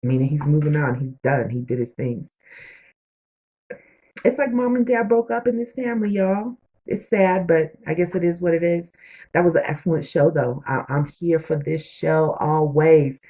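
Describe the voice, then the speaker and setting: Woman, husky, mellow tone, casual episode recap, animated storyteller, slangy asides. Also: low voice, moderate pace. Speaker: TV show reviewer.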